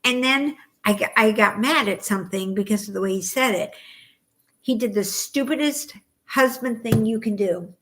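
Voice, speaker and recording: Bright-voiced chatty woman, ranting. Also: fairly high pitch, normal speed, a little hiss or hum. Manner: chatty, rants with bursts of loud exasperation. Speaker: podcast co-host. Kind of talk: casual chat.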